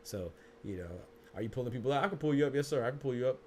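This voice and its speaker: A man's voice: medium pitch, lively intonation, rapid-fire, slight background noise. A man hosting a boxing podcast in casual, slangy livestream talk, speaking to viewers in chat.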